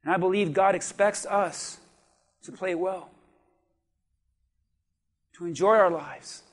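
A man preaching a sermon as a pastor, building with repeated phrases and rising to shouts. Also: high-pitched, slow. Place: church.

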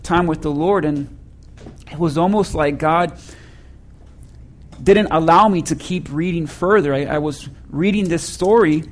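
High-voiced pastor preaching with fervor. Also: male voice, unhurried, pauses often. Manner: emphatic, calls out to the congregation; hushed, low prayer. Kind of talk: sermon.

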